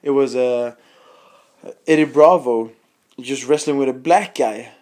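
A man's voice: mid-range voice, a little slow, darkish tone. A man hosting a casual podcast chat, laid-back and crude in his talk.

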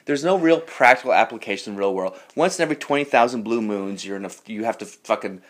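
A man's voice: fairly low pitch, animated, fast, fairly bright tone. A male comedian on a podcast as a guest, ranting animatedly in casual chat and swearing a lot.

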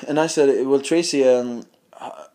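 A man's voice: medium pitch, slow pace, mellow. A man from Sweden, a comedian guest, chatting casually and telling laughing anecdotes. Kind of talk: casual chat.

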